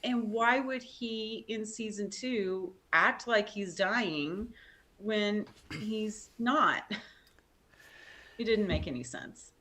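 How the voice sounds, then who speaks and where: A woman's voice: medium pitch, slow pace, bright, forceful tone. A woman guest on a casual live stream chat, talking unhurriedly with fillers and light laughs. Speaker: subscriber guest.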